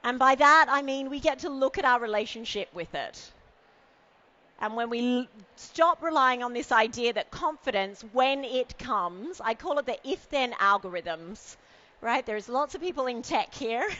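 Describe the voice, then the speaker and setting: Woman doing a jokey self-mocking keynote, bright ringing voice, kinda dull lo-fi recording. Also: on the high side. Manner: playful and self-mocking, teases the audience. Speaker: keynote speaker. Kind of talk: conference keynote talk. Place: event stage with a podium.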